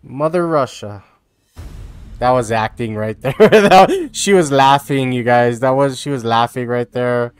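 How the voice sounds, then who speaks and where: A man's voice: mid-range voice, measured pace, clean tone, no room sound. A man live-streaming casual reaction commentary, rambling and mocking, with lots of "you know" and "dude".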